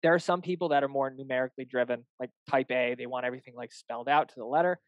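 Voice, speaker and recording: A man's voice: medium pitch, racing, no echo, highs cut off. A young adult man, a fitness coach, chatting casually and animatedly, acting out little dialogues with clients and swearing now and then. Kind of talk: casual podcast chat.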